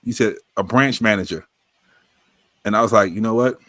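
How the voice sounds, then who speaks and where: A man's voice: on the low side, normal speed, a bit bright, no room sound. A man in casual podcast chat, joking bluntly and repeating his punchlines.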